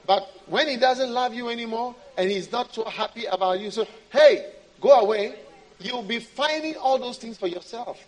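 A man's voice: very high voice, normal speed, hardly any pauses, rough recording. A man preaching a sermon in an emphatic, repetitive way.

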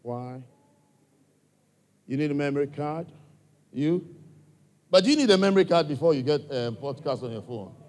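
A man's voice: on the high side, lively intonation, normal speed, long pauses, darkish tone. A man with an African accent speaking live to a church congregation, directly and coaxingly quizzing people in the crowd. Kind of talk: live address to an audience. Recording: long reverb from a large hall.

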